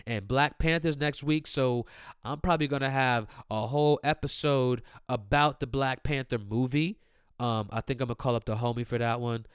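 A man's voice: mid-range voice, steady tone, moderate pace, clean tone, no room sound, studio quality. A man hosting his own podcast, ranting in a profane, heated and repetitive way and talking straight to his listeners. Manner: talks directly to listeners. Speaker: podcast host. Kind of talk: casual solo podcast rant.

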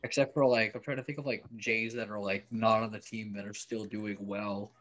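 With a fairly low, steady voice that's a bit bright, a man co-hosts a casual sports podcast at normal speed. His chat is wry and offhand, peppered with "likes" and "ums."

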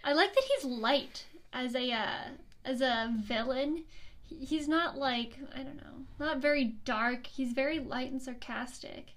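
A woman co-hosting a casual chat, relaxed and quoting lines back. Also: high voice, a little slow. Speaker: podcast co-host.

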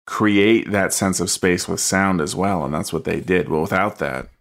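A man's voice: low-pitched, normal speed, creaky. A man co-hosting a casual chat about a film, thoughtful and hesitant with many fillers. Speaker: film podcast co-host.

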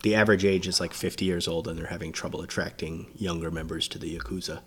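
A man in a casual podcast chat, quick joking banter. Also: low voice, fairly even intonation, faint music behind.

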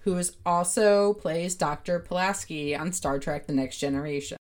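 Lowish-voiced woman podcaster, sardonic, swears a lot, chatty recap. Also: steady tone, moderate pace. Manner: sardonic, swears freely while recapping the plot. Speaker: podcast co-host. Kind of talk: casual chat recapping an episode.

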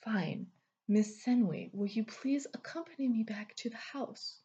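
A woman's voice: on the high side, unhurried, mellow, lo-fi sound, voice pushed up, lightly acted. A woman voicing an arrogant, sarcastic male elemental king who speaks in a curt, contemptuous, mocking way. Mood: scornful.

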